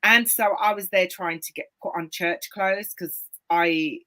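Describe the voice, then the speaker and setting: Lower-voiced woman, measured. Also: sharp tone. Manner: reflective, measured, with fillers. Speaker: podcast co-host and pastor. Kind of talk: casual interview chat, storytelling.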